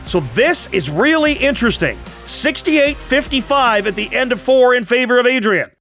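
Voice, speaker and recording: A man giving brisk play-by-play commentary over a tabletop wargame. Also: very high voice, sing-song, creaky, a bit bright, soft background music.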